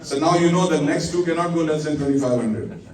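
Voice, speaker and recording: A man's voice: on the high side, expressive, a little fast. A man calling a live charity auction, coaxing the crowd to raise their bids. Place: event hall. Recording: echoey hall from far off.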